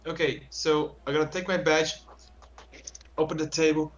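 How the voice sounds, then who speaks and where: A man playing a tabletop game lodges a mock-formal complaint at the table. His voice is slightly high for a man. He talks at an even, deliberate pace. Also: dull audio. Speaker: player. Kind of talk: casual game talk.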